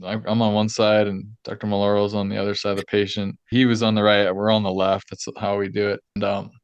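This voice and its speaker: A man in his thirties hosting a podcast, talking in a loose, chatty way, full of fillers and quick laughs. His voice sits a little low, and the sound is close and dry with no room around it. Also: completely flat delivery, smooth, no echo, lo-fi sound. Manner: chatty storyteller, laughs often, many fillers. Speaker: podcast host. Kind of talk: casual chat.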